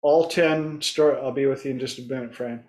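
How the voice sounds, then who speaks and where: A man's voice: mid-range voice, fairly even intonation, fairly quick, a little mellow. A man hosting a casual group discussion, telling stories and acting out his clients' voices. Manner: storytelling, acts out clients' voices. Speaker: host.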